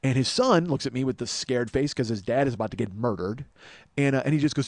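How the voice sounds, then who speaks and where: A man in his forties hosting a comedy podcast, telling a story in an exasperated, profane, animated way. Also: medium pitch, racing, no echo, studio quality. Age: 40s. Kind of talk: storytelling monologue.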